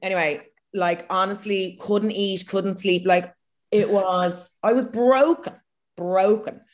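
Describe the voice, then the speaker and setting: A woman's voice: mid-range voice, fairly even intonation, slow. A young Irish woman co-hosting a podcast, telling a self-mocking story in a casual chat, swearing freely. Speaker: podcast co-host.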